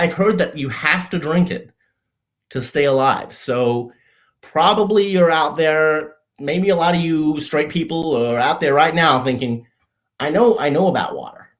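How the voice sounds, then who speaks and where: Deadpan man hosting a mock-earnest comedy show. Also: on the high side. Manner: deadpan, faux-earnest explaining of obvious things; halting, frequent restarts and self-corrections. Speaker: show host.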